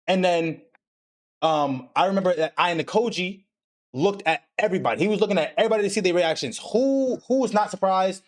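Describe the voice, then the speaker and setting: A young man retells an anime episode for his stream, swearing freely and acting out each character's lines. His voice sits a little high for a man. He talks in a loose, excitable run. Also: fast. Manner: animated, profane storytelling with acted-out quotes. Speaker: podcast host recapping an anime. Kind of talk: casual chat.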